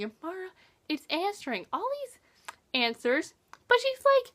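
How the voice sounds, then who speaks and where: A woman hosting a casual book review vlog, retelling a plot in an animated, exasperated way. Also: high-pitched, moderate pace.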